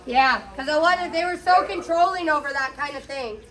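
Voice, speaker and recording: A woman's voice: high-pitched, moderate pace, noisy background. A middle-aged woman chatting candidly while bathing a cat, swearing freely as she talks. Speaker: pet groomer vlogger.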